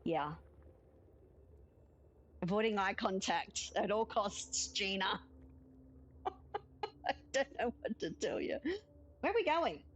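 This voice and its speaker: A woman's voice: medium pitch, expressive, slow, pauses often, a little hiss or hum, poor audio. A woman chatting casually while playing a game, giggling often and reading game text aloud. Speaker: gaming streamer. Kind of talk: casual let's-play chat.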